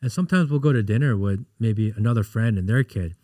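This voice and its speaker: A man in his thirties, a podcast guest, chatting casually and telling animated stories in which he acts out what people said. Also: on the low side, fast talker, no echo, clean studio sound. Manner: animated storyteller, acts out quotes. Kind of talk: casual interview chat.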